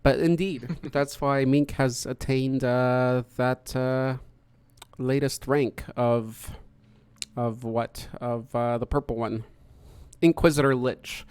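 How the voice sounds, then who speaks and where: Smooth-voiced man hosting a podcast. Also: medium pitch, fairly even intonation, slow, darkish tone, no room sound. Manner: chatty, greets each guest in turn. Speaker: podcast host. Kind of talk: casual hosted chat.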